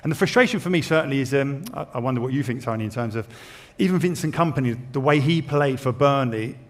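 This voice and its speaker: Brief: ex-coach turned pundit, mid pitch, long room reverb. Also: male voice, fast. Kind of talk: casual football chat.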